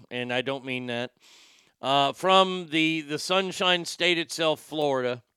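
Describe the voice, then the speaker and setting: A man's voice: on the high side, bright, forceful tone, smooth, no echo, studio quality. A man hosting a show, telling crude news stories in a sarcastic, joking way. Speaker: host. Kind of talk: casual comedic news commentary.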